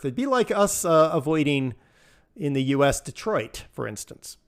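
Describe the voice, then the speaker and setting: A man's voice: mid-range voice, animated, normal speed, clean tone. Chatty male game streamer. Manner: rambling, chatty, laughs often, answers chat. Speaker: live streamer. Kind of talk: casual live-stream chat while gaming.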